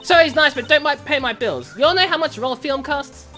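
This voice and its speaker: Played by a woman, a brash young Southern photographer scolds in a thick put-on Southern US drawl, folksy and sassy. The voice is loud, lively and sharp-edged, with soft music faintly underneath. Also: high-pitched, quick pace, voice pushed up. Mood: sassy scolding. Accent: exaggerated Southern US drawl.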